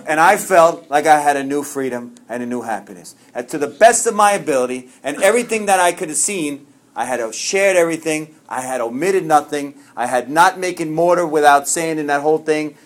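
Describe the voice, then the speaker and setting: A man tells his recovery story to a meeting in a voice pitched a little high. He talks with lively swings, jumping to loud exclamations and then dropping to quiet, confiding asides. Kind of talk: sharing a personal story.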